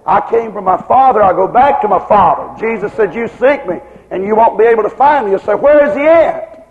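Man, preacher, sermon, high gravelly voice, repeated rhetorical questions, long church-hall reverb, muffled sound. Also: animated, a little fast.

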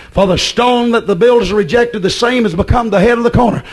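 A man preaching a sermon as pastor, excitable and breaking into shouts. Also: extremely high pitch, brisk, hardly any pauses.

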